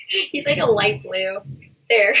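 A woman's voice: mid-range voice, a bit bright, husky, rough recording. A woman making short casual comments during an unboxing. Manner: short chiming comments, laughing along. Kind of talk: casual chat.

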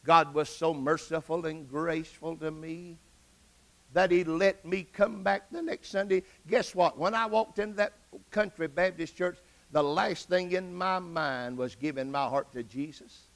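A middle-aged man preaching a sermon as pastor, telling his own testimony and rising to excited outbursts. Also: on the high side, a little slow.

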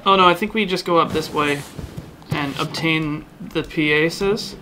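A man playing a game on stream, joking and reacting excitably in casual commentary. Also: on the high side, a little slow, background noise. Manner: jokey, excitable, goofy asides.

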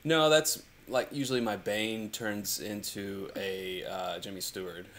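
A man co-hosting a live whiskey tasting stream, relaxed and joking. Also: fairly low pitch, a little slow. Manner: relaxed, joking, laughs often. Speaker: co-host. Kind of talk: casual live tasting chat. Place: home in Kentucky.

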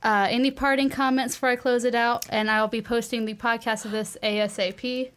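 A woman runs a casual radio talk show, her voice sitting a little high. She chats in a playful way and draws out words when she wants to make a point. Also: steady tone, a bit bright. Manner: chatty, playful, drawn-out emphasis.

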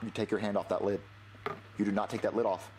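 A man's voice: fairly low pitch, little pitch movement, darkish tone, close to an everyday voice. Man doing a scolding exasperated puppet dad. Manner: scolding, repetitive, fast.

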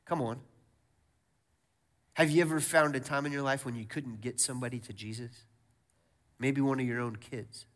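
A man preaching a sermon as pastor, energetic, repeating words and calling out to the congregation. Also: fairly high pitch. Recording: long church hall reverb.

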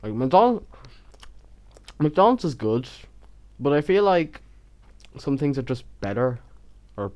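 A man's voice: mid-range voice, big pitch swings, takes it slowly, pauses often, darkish tone. A young man rambling casually as he voices over his game time lapse, stuttering and poking fun at himself. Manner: rambling, stuttering, self-mocking. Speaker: Minecraft YouTuber.

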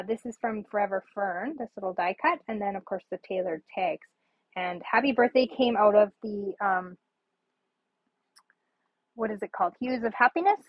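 This medium-pitched woman hosts a casual live craft demo, presenting her handmade paper cards in a chatty, rambling way. She fills pauses with frequent ums and laughs at herself, and the echo-free recording sounds muffled.

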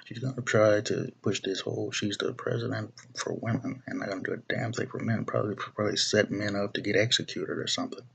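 A young man, a video blogger, rants about politics to camera in a low-pitched, gravelly voice with a breathy edge. He's blunt and profane, tending to repeat himself and restart his phrases.

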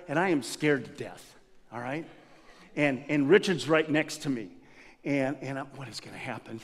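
A man preaching a sermon as pastor, telling a personal story with animated, laughing delivery. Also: a little high. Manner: lively storyteller who acts out scenes with laughter. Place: church sanctuary. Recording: long reverb of a church hall.

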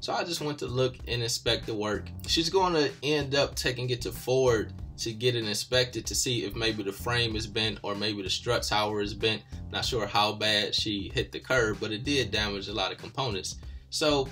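A young man hosting his own automotive channel, casually telling a story about a mechanic and getting animated as he retells the argument. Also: fairly low pitch, normal speed, faint music behind.

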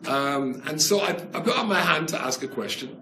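A rabbi giving an animated Torah class, telling stories and using Hebrew and Yiddish terms with emphasis. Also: male voice, fairly high pitch, moderate pace. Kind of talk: Torah class, storytelling lecture. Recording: echoey room with faint noise.

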